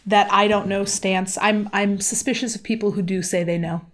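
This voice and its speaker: A woman's voice: medium pitch, steady tone. Woman host chatting casually. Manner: quick reactions, blunt and joking. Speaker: podcast host. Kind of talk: casual conversation.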